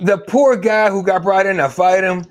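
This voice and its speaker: A man co-hosting a casual podcast rants with lots of swearing and mocking impressions. His voice is high-pitched with a steady tone, and his pace is moderate.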